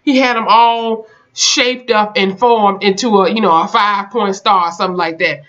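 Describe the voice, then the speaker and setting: Casual TV episode recap, slangy and profane, acts out quoted lines, mid pitch, muffled lo-fi audio. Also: moderate pace. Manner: animated storytelling with slang and swearing. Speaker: TV episode reviewer.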